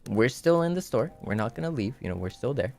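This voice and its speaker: A man streamer telling a story in casual chat and acting out the quotes with animated delivery. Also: medium pitch, quick pace, gravelly, faint music behind.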